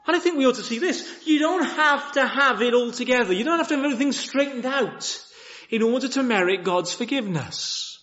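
A man preaching a sermon in a chapel, with lively rhetorical questions and frequent restarts. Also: extremely high pitch, fairly quick, highs cut off. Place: church chapel.

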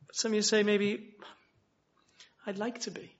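High-voiced man preaching earnestly. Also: fairly even intonation, normal speed, vocal fry, pauses often. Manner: earnest, swings from loud appeals to hushed quiet. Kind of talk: sermon. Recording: dull lo-fi recording.

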